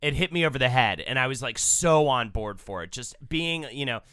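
An enthusiastic male podcast host chatting casually, piling on restarts as the excitement runs ahead of his words. His voice is bright, smooth and crisp. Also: medium pitch, a little fast, no echo, clean studio sound. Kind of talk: casual chat.

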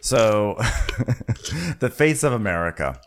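A man's voice: lowish voice, sing-song, takes it slowly, creaky, slight background noise. A man co-hosting a podcast, recapping a reality show in chatty, sarcastic casual talk with rambling asides over a remote call. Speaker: podcast co-host.

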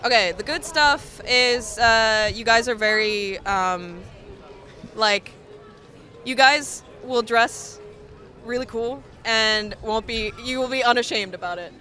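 A bright, clear-toned woman from Russia speaks with an American accent. She chats frankly and laughs easily in a casual street interview. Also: fairly high pitch, slow.

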